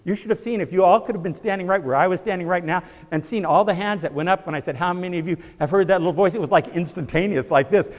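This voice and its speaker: A man preaching a sermon to his congregation, moving from quiet reflection to rising, fervent emphasis. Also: high voice, fast talker, few pauses, big-room sound. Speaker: pastor. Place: church sanctuary before a congregation.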